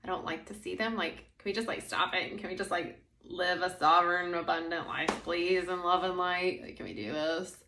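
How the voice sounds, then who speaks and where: A woman's voice: fairly low pitch, a little fast, hardly any pauses, sharp tone, roomy sound, slight background noise. A woman acting as a spiritual guide, talking casually and rambling with many "like" fillers. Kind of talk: spiritual monologue.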